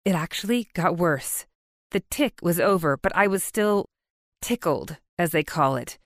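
A woman with a lowish voice reads a first-person audiobook, telling the story with emotive intensity. She is recorded dry and close, with no room echo around her. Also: expressive, moderate pace. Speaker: audiobook narrator.

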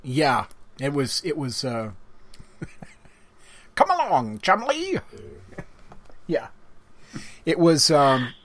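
A man co-hosting a casual podcast chat with an author, playful and quick to laugh. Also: mid-range voice. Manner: lively, laughs easily, playful self-mocking. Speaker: podcast co-host interviewing an author.

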